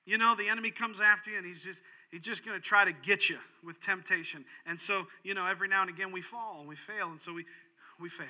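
A male pastor preaching a sermon in an animated way, swinging from loud, emphatic lines down to hushed, quiet ones. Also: high voice, fast talker.

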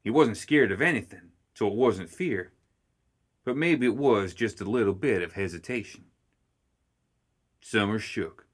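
A man reading a story aloud in steady, measured narration. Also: on the low side. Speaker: audiobook reader. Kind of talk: scripted narration.

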